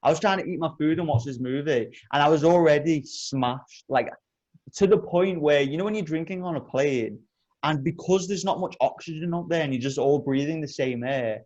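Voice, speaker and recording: A man's voice: a little high, moderate pace, dull audio. Sweary man telling stories. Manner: sweary, animated storytelling. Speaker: podcast co-host. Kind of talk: casual chat.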